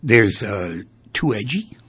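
A man speaking as a therapist in a lecture-style monologue, animated and full of rhetorical questions, with a gravelly, husky voice. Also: lowish voice, slow pace. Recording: dull lo-fi recording.

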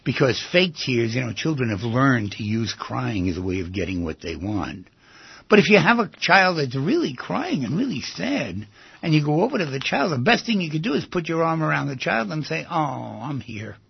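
A man's voice: fairly high pitch, big pitch swings, moderate pace, creaky, slightly rough, no room sound, lo-fi sound. A man hosting a radio talk show as a psychotherapist, talking in a rambling, conversational way and repeating himself.

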